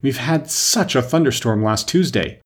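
A man's voice: mid-range voice, expressive, normal speed, voice pushed up, lightly acted. Man doing a fretful, dithering White Queen. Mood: anxious. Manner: anxious, rambling, dithering. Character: fretful muddled adult female queen.

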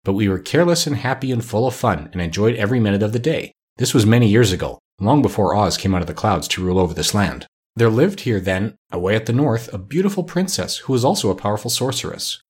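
A man's voice: lowish voice, animated, fast talker, darkish tone, slightly rough. A man reading aloud and voicing a courtly male winged monkey king telling a long tale.

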